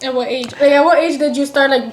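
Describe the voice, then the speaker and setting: A young woman hosting a podcast in casual conversation, her voice pitched a little high. She talks at a rapid clip and keeps breaking in with curious questions. The recording sits in a noticeably echoey room. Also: fairly even intonation. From Waukegan area, Illinois. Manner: curious, chimes in with quick questions. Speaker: podcast host. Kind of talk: casual interview chat.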